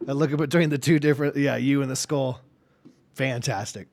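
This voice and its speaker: A man's voice: medium pitch, fairly even intonation, a little fast, gravelly, noisy background. A man running a tabletop game as game master, enthusiastic and casual, cursing now and then.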